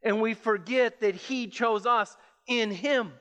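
A man preaching a sermon, reading scripture and explaining it with measured emphasis. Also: pushed and bright, smooth, lo-fi sound. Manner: measured, emphatic preaching that rises in pitch as it builds.

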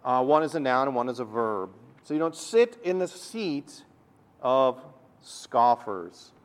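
A man preaching a sermon, earnest and explanatory, often repeating words and slowing down to stress key words. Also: medium pitch, animated. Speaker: pastor.

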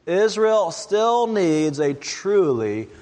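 A man preaching a sermon, reading scripture aloud in a slow and deliberate way. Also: high-pitched, sing-song, a little mellow, big-room sound.

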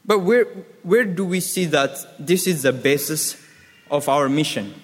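Slow emphatic preacher in an echoing hall. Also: male voice, a little high, lively intonation. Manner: slow, emphatic, repeats key words. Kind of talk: sermon. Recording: reverberant hall.

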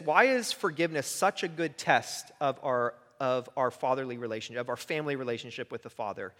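A man preaching in a church sanctuary, his fairly high, bright voice carrying with a long hall reverb. He talks in an earnest, conversational way and keeps checking in with his listeners. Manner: earnest, conversational preaching with frequent "right?" asides. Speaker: pastor. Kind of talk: sermon.

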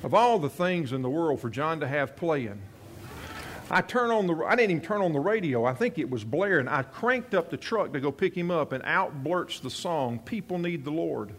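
A man's voice: fairly high pitch, very animated, normal speed. A man preaching a sermon as a pastor, telling a personal story earnestly and often restarting his phrases. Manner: earnest, repeats and restarts phrases, voices quoted prayers softly.

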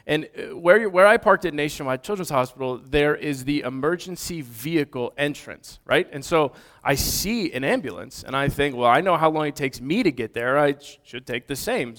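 A man in his thirties preaching, telling a personal story in a lively way with sudden loud bursts. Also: a little high. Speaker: pastor. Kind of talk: storytelling sermon.

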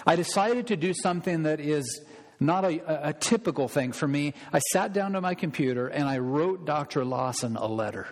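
A man's voice: a little high, moderate pace. A male pastor preaching a sermon in an emphatic style, repeating words as he stresses a point. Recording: long reverb of a large hall.

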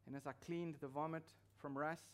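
A male pastor delivering a sermon in a fairly high voice. He presses his points with emphasis, repeating key phrases to drive them home. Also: fairly even intonation, fairly quick.

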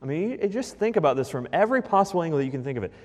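A man's voice: fairly high pitch, sing-song, very fast, a little mellow, in a large hall. A man preaching a sermon as pastor, emphatic and punchy, in a church.

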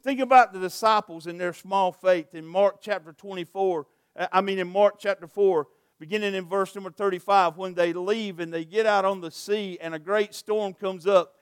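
A man's voice: high voice, fairly even intonation, moderate pace, hardly any pauses, clean tone, dry recording, clean studio sound. A middle-aged man preaching a sermon as pastor, reading scripture and building to earnest urgency. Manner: preaching with rising intensity, scripture readings, light jokes.

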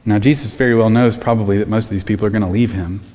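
A man's voice: lowish voice, fairly even intonation, racing, warm tone, in a large hall. A man preaching a sermon as pastor, in a conversational way full of rhetorical questions.

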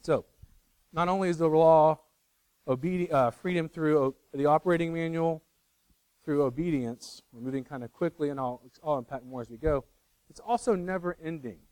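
Middle-aged male pastor, chatty sermon delivery, a touch high-pitched, dry recording. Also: moderate pace, a little mellow, clean tone, dry recording, rough recording. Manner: conversational, self-correcting, teases the congregation. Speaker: preacher.

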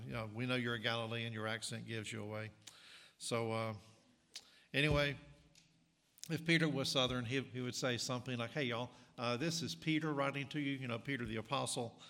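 Pastor preaching in a reverberant hall. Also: male voice, medium pitch, fairly bright tone. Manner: conversational, halting with frequent restarts and fillers. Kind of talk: sermon. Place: church sanctuary.

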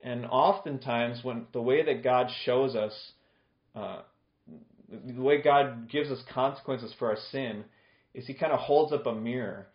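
A man's voice: mid-range voice, measured pace. A male pastor giving an expository sermon in a conversational way, explaining scripture with plain everyday examples. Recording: echoey room, dull lo-fi sound.

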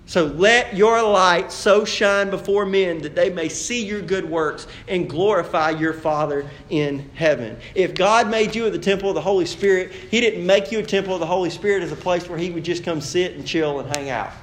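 A man, a pastor preaching a sermon in a conversational way that builds to loud, animated emphasis. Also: high-pitched, normal speed, few pauses, roomy sound.

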